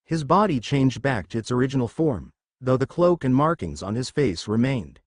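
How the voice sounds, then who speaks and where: A man narrating a fan fiction story in a steady storytelling voice. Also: medium pitch, moderate pace.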